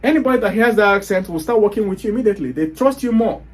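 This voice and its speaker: A man's voice: high voice, expressive, rapid-fire. A man with a Nigerian accent giving a blunt motivational talk, scolding his listeners with rhetorical questions. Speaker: online business speaker.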